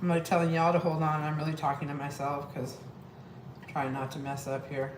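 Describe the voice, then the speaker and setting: A weight-loss coach livestreams a casual cooking demo from her home kitchen, speaking fairly quickly in a low voice with a completely flat delivery. She's chatty and scattered, addressing viewers directly amid pets and family, and the echoey room has clear background noise.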